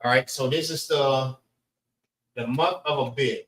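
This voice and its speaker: A man's voice: mid-range voice, measured pace. Man teaching a class in an echoey room. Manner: relaxed, repeats "all right" often.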